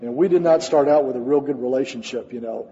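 Man, missionary preacher, earnest storyteller, quick delivery, mellow tone. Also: mid-range voice. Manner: earnest storytelling with frequent uh fillers. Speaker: missionary speaker. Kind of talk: sermon testimony. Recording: dull sound with long hall reverb.

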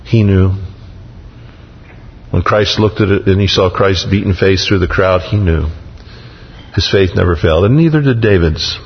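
A man's voice: deep voice, slightly rough, in a large hall, lo-fi sound. A man preaching a sermon, reading scripture with rising emphasis and dropping folksy asides between verses. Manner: slow, reads scripture aloud with rising emphasis. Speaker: pastor.

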